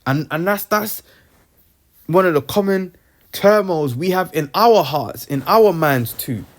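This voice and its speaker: A man's voice: a little high, animated, measured pace. A young man giving an informal, slangy Bible teaching, tagging his sentences with "man". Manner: slangy, streetwise, peppers talk with "man".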